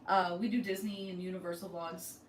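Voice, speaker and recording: A woman's voice: fairly low pitch, fairly even intonation, brisk. A woman co-hosting a casual podcast chat, telling stories and acting out the dialogue. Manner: chatty storyteller acting out quoted dialogue. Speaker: co-host of a theme park vlog channel. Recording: echoey room, mic far off, faint noise.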